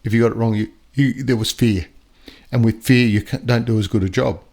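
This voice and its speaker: An older man, chatting casually as a podcast guest, acting out dogs and people in quick little voices. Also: mid-range voice, fairly even intonation, darkish tone. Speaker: podcast guest storyteller and dog trainer. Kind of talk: casual chat.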